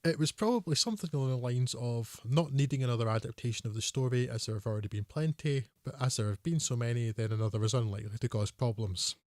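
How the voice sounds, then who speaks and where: A man reads a prepared film review on a podcast, measured and wry. His voice sits at a middling pitch. The recording is dry and close. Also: no echo. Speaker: podcast co-host.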